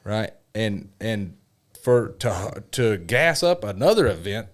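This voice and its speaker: Bike shop guy on a podcast, lowish voice, swearing a lot and getting worked up. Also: big pitch swings, takes it slowly. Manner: profane, emphatic and fired up. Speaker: custom motorcycle shop owner. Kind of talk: casual podcast chat.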